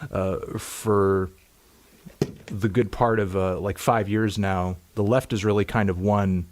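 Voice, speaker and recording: A man with a fairly low voice hosting a casual podcast interview. He teases his guest, laughs often, and stammers through restarts as he builds a point. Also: little pitch movement, slow, darkish tone, slight background noise.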